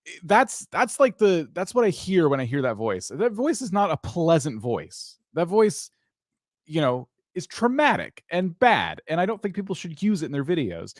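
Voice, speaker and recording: A man hosting a live-stream of channel reviews, giving opinionated critiques with jokes and animated asides. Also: on the high side, moderate pace, no echo, studio quality.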